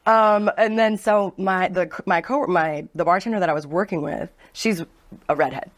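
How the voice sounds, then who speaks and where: A woman's voice: lowish voice, normal speed. Chatty woman bartender telling stories. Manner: animated, chatty, laughs while telling stories. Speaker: bartender guest. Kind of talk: casual storytelling.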